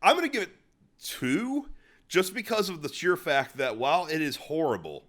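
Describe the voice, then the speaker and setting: Casual podcast co-host, young man, bright lively voice, stumbles and restarts. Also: on the high side, moderate pace. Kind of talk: casual chat.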